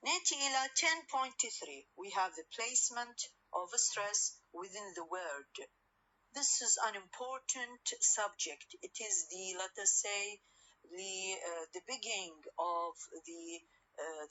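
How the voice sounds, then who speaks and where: Bright-voiced woman lecturing. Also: medium pitch, poor audio. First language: Arabic. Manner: switches between English and Arabic, frequent fillers and questions to students. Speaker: phonetics lecturer. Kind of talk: recorded university lecture.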